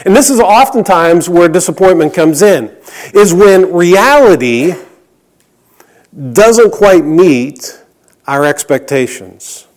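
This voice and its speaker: Male pastor, high voice, earnest sermon delivery, hushed punchlines. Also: expressive, takes it slowly. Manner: earnest preaching, reading scripture aloud, drops to a hush on key lines.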